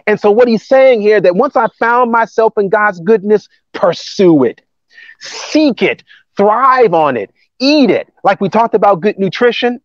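High-voiced, animated man preaching a sermon. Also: no echo, muffled recording. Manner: lively, emphatic preaching with repetition and laughs. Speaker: pastor. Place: church campus building.

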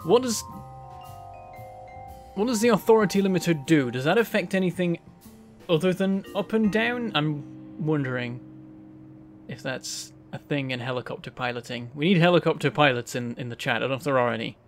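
A fairly high-voiced man from northern England commentates his game live on stream, musing aloud and answering his chat. He breaks into exasperated outbursts when things go wrong, with faint game music playing behind him. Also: animated, normal speed. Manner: thinks aloud, reading chat, bursts of frustrated exclamations.

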